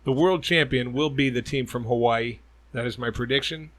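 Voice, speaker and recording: A man's voice: medium pitch, moderate pace, fairly bright tone, a little hiss or hum. A man co-hosting a casual podcast, swearing freely and telling jokes and stories. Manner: profane, storytelling, joking. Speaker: podcast co-host.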